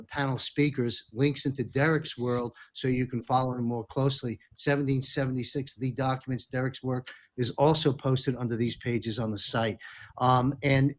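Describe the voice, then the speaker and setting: A man hosting a panel discussion, talking haltingly with many pauses. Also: medium pitch. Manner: halting, many fillers and restarts. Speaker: show host.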